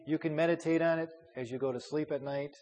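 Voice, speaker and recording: A man's voice: a little high, fairly even intonation, fast talker, a little mellow. A man leading a Bible study as a pastor, talking in a conversational way with fillers and repeated words. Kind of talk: informal Bible study teaching. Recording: long hall reverb.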